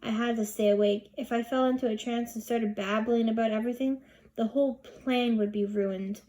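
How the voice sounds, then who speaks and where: An audiobook reader narrates a children's chapter book in first person, reading expressively. Her voice sits on the high side with a dark tone, steady and at a moderate pace.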